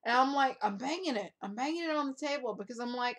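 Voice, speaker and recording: A woman's voice: a little high, fast. A woman in her thirties telling a wild story on a casual live stream, laughing often and cursing, into a webcam mic. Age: 30s. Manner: laughing, animated, profane storyteller. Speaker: co-host.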